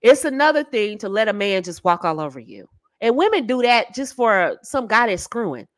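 A woman's voice: medium pitch, sing-song, normal speed, dry recording. A woman hosting a channel as a dating coach, giving sassy, emphatic straight-talking advice and calling the listener baby and honey.

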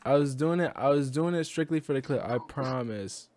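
A man's voice: mid-range voice, moderate pace, hardly any pauses, darkish tone, dry recording. Brash teasing young man. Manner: brash, teasing, laughs often. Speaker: video chat prankster. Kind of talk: casual roasting chat. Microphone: own desk microphone.

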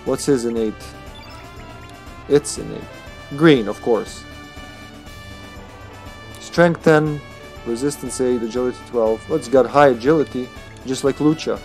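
Casual male gameplay streamer, medium voice, thinks aloud, swears, quiet music behind. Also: medium pitch, unhurried, pauses often. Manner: chatty, swears freely, thinks aloud with restarts. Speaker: game streamer.

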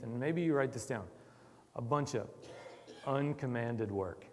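A man giving a conversational sermon to a church, moving from quiet reflection to loud, emphatic urging. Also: mid-range voice, measured pace, long pauses, long reverb tail. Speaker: church speaker.

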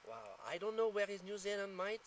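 French man, higher voice, lively storyteller who laughs a lot, crowd chatter behind. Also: a little fast. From France. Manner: laughs often, acts out the people he quotes. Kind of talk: casual anecdote.

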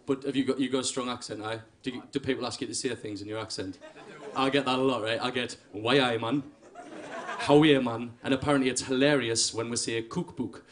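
A man's voice: mid-range voice, fairly even intonation, quick pace, fairly bright tone. A man with a Sunderland accent doing a stand-up set in a comedy club, bantering with the crowd and mocking himself. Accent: Sunderland English. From Sunderland, England. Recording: noisy live club recording.

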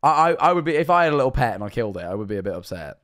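A man's voice: mid-range voice, very animated, very fast, fairly bright tone. A young man streaming live, reacting to viewer clips with rambling, incredulous commentary and frequent swearing.

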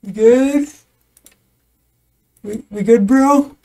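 Slow-talking gravelly woman streamer. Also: fairly high pitch, mellow. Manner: nervous laughs, talks to game creatures. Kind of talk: casual let's-play commentary.

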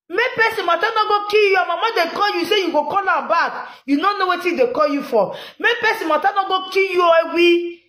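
A woman with a Nigerian Pidgin accent giving animated, scolding commentary, laughing often and repeatedly urging viewers to like and share. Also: very high voice, a little fast, few pauses, echoey room. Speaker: commentary vlogger. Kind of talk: live social media commentary.

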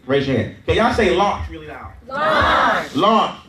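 Man running a seminar, lots of okays and chants, slightly high voice, far off in a roomy hall. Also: big pitch swings, brisk, raised voice, very noisy. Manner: repetitive, drills the crowd with chants and okays. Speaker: trainer at a sales event. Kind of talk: call-and-response seminar training. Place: large event room with an audience. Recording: echoey hall, mic at a distance.

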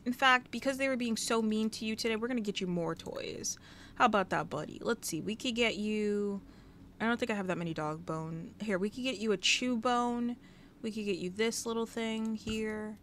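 A woman giving casual, sassy Let's Play commentary, scolding the characters in her game out loud, recorded on a headset mic. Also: mid-range voice, a little hiss or hum. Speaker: gaming YouTuber.

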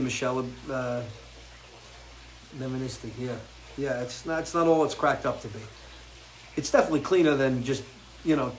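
A man hosting a casual live chat with viewers, rambling and crude, jumping from loud, animated outbursts to low mutters. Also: a little hiss or hum, poor audio. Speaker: host.

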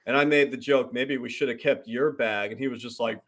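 A man's voice: medium pitch, a little fast. A man hosting a casual livestream, telling a travel anecdote and quoting people, swearing freely. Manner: swears freely, animated anecdote with quoted voices. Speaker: host. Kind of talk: casual livestream chat, storytelling.

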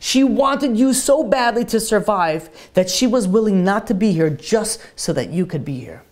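A man's voice: sits high, expressive, moderate pace, pitched above the performer's own voice. A man voicing a grieving young husband who pleads through tears, then speaks tenderly to his small daughter.

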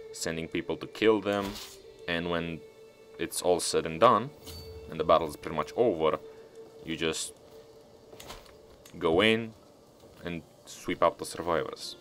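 Deep-voiced man swearing at a strategy game. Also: a bit bright. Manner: profane, talks back at the game. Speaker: video game let's-player. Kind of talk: casual gameplay commentary.

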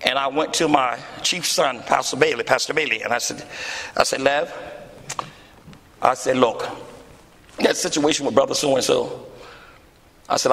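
A male pastor preaching to a congregation, telling a story in a lively, theatrical way and acting out the dialogue. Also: moderate pace, gravelly, long pauses. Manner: animated, acts out dialogue with big pitch swings. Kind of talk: storytelling sermon. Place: church hall before a congregation. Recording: echoey church hall.

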